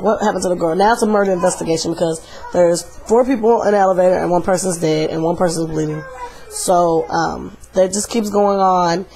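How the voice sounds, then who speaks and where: A woman talks through a horror film in a casual video review. Her delivery is animated and slangy, with emphatic punches on key words and a loose, chatty flow. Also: on the low side, slightly rough. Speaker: movie reviewer.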